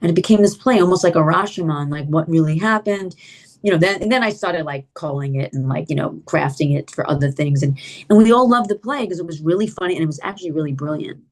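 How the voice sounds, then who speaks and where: Animated middle-aged woman, low voice. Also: fast talker. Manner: animated, acts out quoted dialogue with big pitch jumps; frequent "like" and "you know" fillers. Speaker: guest. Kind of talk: personal storytelling in an interview.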